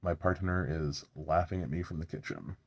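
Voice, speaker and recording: Low-voiced man joking through a makeup stream. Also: normal speed, slight background noise. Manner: joking, self-deprecating, swears casually. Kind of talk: casual live-stream chat while doing makeup. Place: at home.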